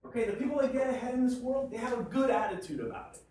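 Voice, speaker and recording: A man telling a joking, profane story to a group at a networking meeting, in an animated, excitable way. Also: extremely high pitch, very fast, background noise. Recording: very echoey room from far off, crowd audible.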